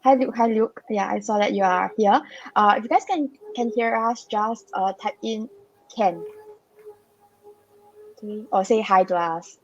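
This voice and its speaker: A woman's voice: mid-range voice, measured pace, lo-fi sound. A slightly groggy woman co-hosting a live stock-market stream, chatting casually and tagging her sentences with "right?". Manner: chatty, tags sentences with "right?", many fillers.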